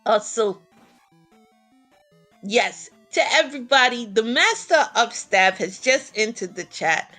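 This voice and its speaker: A woman with a New York accent commentates a game tournament in a lively, excitable way, laughing often. Her voice sits a little high, with soft music underneath. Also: takes it slowly.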